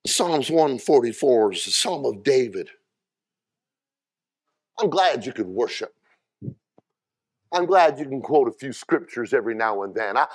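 Preaching in a homespun style laced with cowboy expressions, a male pastor shifts between hushed, low passages and loud shouts.

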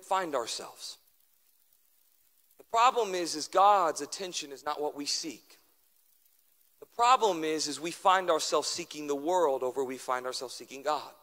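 A man preaching a sermon as pastor, building through repeated refrains and dropping suddenly to a hush. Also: on the high side, a little slow, pauses often, in a large hall.

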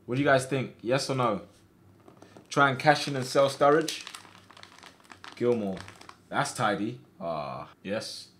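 A man streaming a football management game, reacting out loud with groans and cheers as he commentates. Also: mid-range voice, measured pace, long pauses, slight background noise. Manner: excitable, shouts at players, swings between groans and cheers. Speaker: gaming streamer.

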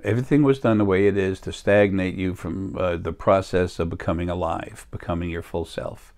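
A man's voice: low voice, fairly even intonation, moderate pace, darkish tone. A man in a rambling, self-interrupting casual monologue as a spiritual healer, recorded on a laptop or phone.

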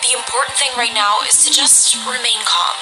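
A woman voicing a bossy cartoon fruit who gives instructions and struggles to stay calm. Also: on the high side, brisk, over music, lightly acted. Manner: bossy, instructing, cracks under panic. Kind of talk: comedy cartoon voice acting.

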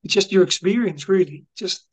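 A man's voice: sits high, normal speed. A man hosting a podcast, asking questions in an enthusiastic, matey way during a casual interview. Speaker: podcast host. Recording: dull lo-fi audio.

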